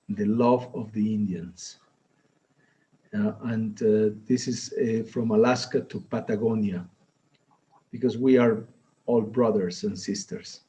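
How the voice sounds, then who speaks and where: A man, speaking as a guest in a halting way, pausing often to search for words. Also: on the low side, warm tone, lo-fi sound. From Peru. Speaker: guest, ceremony leader. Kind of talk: conversational interview.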